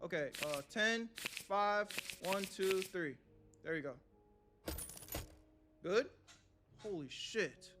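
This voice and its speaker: A man's voice: high-pitched, expressive, slow, pauses often, over music. A young man streaming a game live, swearing and talking nervously to his chat as he plays. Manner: jittery, swearing, talks to chat. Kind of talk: live gameplay commentary.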